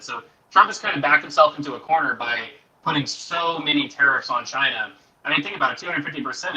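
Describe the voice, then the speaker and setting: A man's voice: mid-range voice, bright, forceful tone. A man explaining economics in a casual panel chat, rambling with hedges, on a poor microphone. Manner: rambling, hedging with fillers. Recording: poor distant mic.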